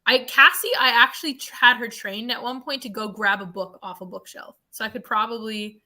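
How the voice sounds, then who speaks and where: A woman's voice: fairly high pitch, steady tone, fairly quick, bright, forceful tone. A young woman co-hosting a reading livestream, telling rambling stories with restarts, casual swearing and laughter. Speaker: readathon livestream co-host.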